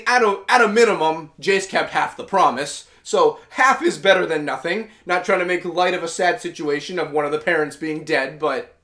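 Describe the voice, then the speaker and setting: A man's voice: on the high side, fairly bright tone. A man hosting a casual comic review, rambling through the story with lots of filler and quoted lines. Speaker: host.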